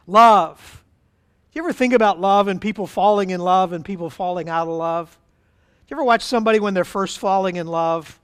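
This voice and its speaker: Middle-aged male pastor, high resonant voice, chatty sermon with asides. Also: fairly quick, clear, resonant tone. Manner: conversational preaching with asides and acted-out voices.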